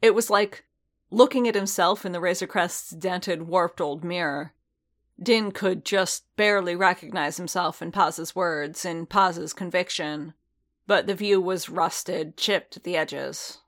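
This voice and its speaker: Woman audiobook narrator, measured, low-ish and unhurried. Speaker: reader. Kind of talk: fan fiction audiobook narration.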